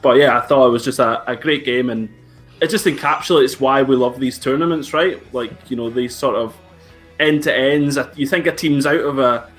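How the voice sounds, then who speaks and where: Man, stream guest, upbeat but hesitant, mid-pitched, lots of fillers. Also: moderate pace, a bit bright, soft background music. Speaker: guest pundit. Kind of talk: casual live-stream chat.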